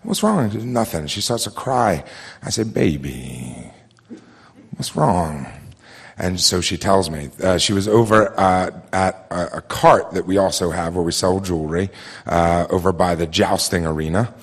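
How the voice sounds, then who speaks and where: A man telling a true story live on a theater stage as host, halting, with many fillers and restarts. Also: low-pitched, steady tone, big-room sound.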